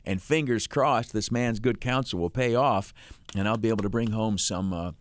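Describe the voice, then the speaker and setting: Folksy, lower-voiced radio host man. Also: normal speed. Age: 50s. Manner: folksy, rambling, many "uh" fillers, chuckles. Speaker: radio talk show host. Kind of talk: casual storytelling on talk radio. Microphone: studio microphone, dry.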